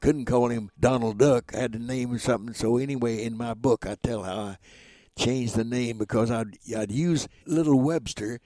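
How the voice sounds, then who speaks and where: A man's voice: medium pitch, moderate pace, mellow, no room sound. An older man, an entertainer, reminiscing about his career in a rambling way, repeating words and chuckling as he goes. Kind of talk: reminiscing storytelling.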